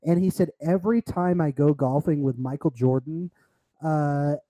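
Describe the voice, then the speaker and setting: A man's voice: a little high, fairly even intonation, normal speed, warm tone, no room sound, poor audio. A young man co-hosting a casual comedy podcast, teasing his partner, telling stories and laughing often. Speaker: podcast co-host.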